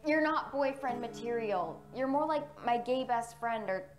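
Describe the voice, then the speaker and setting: Woman acting as a cutting young woman, condescending, bright higher voice, music in the mix. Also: animated, moderate pace, close to an everyday voice. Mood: dismissive. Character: dismissive young woman, mocking her devoted friend. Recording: roomy skit audio with music.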